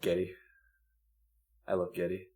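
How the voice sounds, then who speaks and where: A man's voice: sits low, completely flat delivery, a little slow, mellow. Laid-back young man, easy laugh. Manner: laid-back, laughs often, swears casually. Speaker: podcast co-host. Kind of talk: casual chat.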